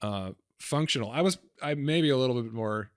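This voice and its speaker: A man's voice: mid-range voice, animated, normal speed, clear, resonant tone, no room sound, studio quality. A middle-aged man hosting a podcast, talking in a reflective, earnest way with frequent restarts. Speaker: podcast host and therapist. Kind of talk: casual conversation.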